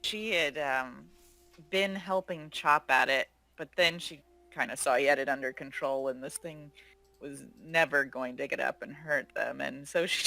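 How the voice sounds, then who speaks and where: A player narrating a character's actions in a tabletop game, slowly and with many fillers. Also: mid-range voice, creaky, pushed and bright. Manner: slow, meandering, full of fillers. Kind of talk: tabletop role-play narration.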